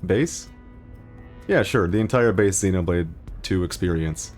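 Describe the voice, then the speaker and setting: A man's voice: sits low, measured pace, darkish tone, faint music behind. A man streaming a video game, chatting casually, laughing often and poking fun at himself. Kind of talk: casual gaming commentary.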